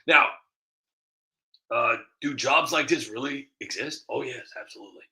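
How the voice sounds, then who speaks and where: Rambling man with a bright voice. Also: mid-range voice, unhurried, long pauses, rough recording. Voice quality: a bit rough, smoker-like. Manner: rambling, candid, laughing at himself. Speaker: comedy video creator. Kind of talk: casual commentary to camera.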